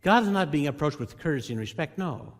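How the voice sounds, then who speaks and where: Male pastor giving a sermon, earnest and emphatic, somewhat high voice, long church reverb. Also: lively intonation, fast. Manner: earnest, emphatic, addresses congregation as folks. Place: church sanctuary.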